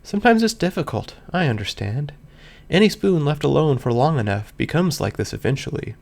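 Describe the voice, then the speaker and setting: A man voicing a cheerful, gentle pony mare who talks in a soft, earnest, lilting way. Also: fairly high pitch, expressive, a little fast, vocal fry. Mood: gentle coaxing.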